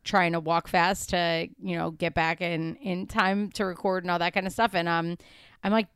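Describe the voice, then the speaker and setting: A woman's voice: fairly low pitch, little pitch movement, moderate pace, a bit bright, smooth, no echo, studio quality. A woman co-hosting a casual podcast chat from home, upbeat and chatty, trailing off with ums and likes. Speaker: podcast co-host.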